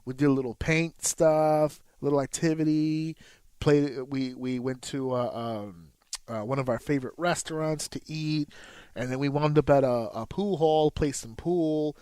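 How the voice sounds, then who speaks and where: On a laid-back podcast, a co-host in his thirties tells a sports story with lots of energy and swearing, his voice leaping up in pitch whenever he gets excited. He speaks at a moderate pace, smoothly, and the recording has no echo.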